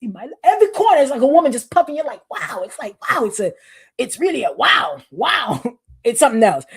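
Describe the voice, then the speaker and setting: Middle-aged woman pastor, New York accent, fairly high voice, chatty preaching full of repeats. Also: very animated, brisk, gravelly, slightly rough. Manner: repetitive, conversational preaching with frequent restarts. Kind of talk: sermon.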